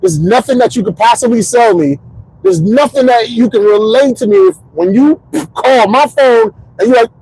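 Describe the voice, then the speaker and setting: A man's voice: very high-pitched, normal speed, husky, poor audio. A man in his thirties from Connecticut, a comedian host rambling through a casual monologue from his car. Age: 30s. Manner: rambling, animated storytelling. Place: parked car.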